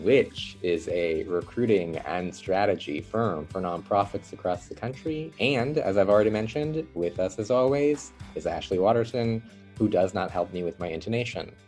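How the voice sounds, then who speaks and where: A man hosting a podcast in casual banter, joking and self-deprecating, his pitch jumping up when he introduces himself. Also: moderate pace, a little mellow, faint music behind. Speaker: podcast host.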